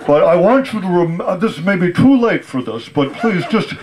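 A man voicing his elderly father as befuddled and earnest, pleading in a slow, halting way. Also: high-pitched, expressive, darkish tone, pitched above the performer's own voice, low-quality recording.

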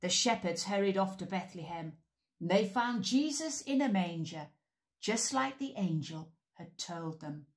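A preschool worship leader tells an interactive story to young children, her plain mid-pitched voice swooping up and down in big, lively arcs. She speaks slowly, clearly and unhurriedly in an animated sing-song, pausing with loud call-and-response cues that invite the little ones to join in.

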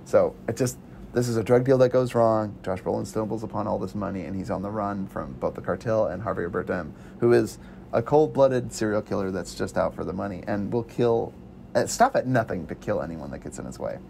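Excitable man with a gravelly voice. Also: fairly low pitch, fairly quick, slight background noise. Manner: excitable, quotes scenes in put-on voices. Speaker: podcast co-host. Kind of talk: casual movie review chat.

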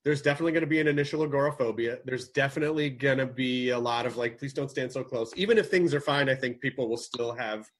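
Jokey man with a husky voice. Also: mid-range voice. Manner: quick, jokey, slips into mock voices. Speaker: podcast host. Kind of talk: casual chat over video call.

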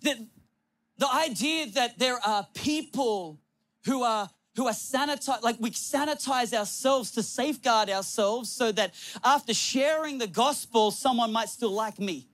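High, bright-voiced pastor preaching. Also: male voice, a little slow, no echo. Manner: animated, laughs often, quotes people in little voices. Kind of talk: sermon. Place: church stage.

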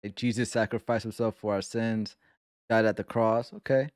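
A man from New York hosting a casual music reaction video, excitable and careful to explain his points. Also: on the low side, normal speed.

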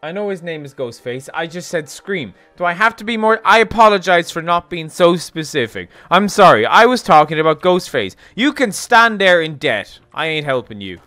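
A man's voice: on the high side, very animated, normal speed, hardly any pauses, bright, forceful tone, dry recording, soft background music. A man giving casual, sarcastic game commentary, rambling and joking as he plays. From Ireland. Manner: rambling, sarcastic, jokey ranting. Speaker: gaming streamer. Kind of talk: casual let's play commentary.

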